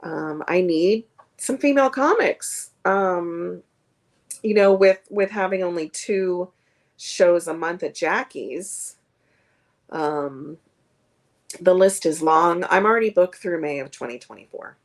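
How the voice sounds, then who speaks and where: A woman's voice: lowish voice, slow. A woman comedian chatting as a guest on a streamed video call, rambling with many fillers. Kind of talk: casual interview chat.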